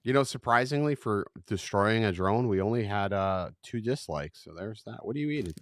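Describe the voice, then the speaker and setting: A young man hosting a livestream in casual chat, rambling and self-mocking, quick to get fired up. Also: on the low side, expressive, no echo. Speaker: livestream host.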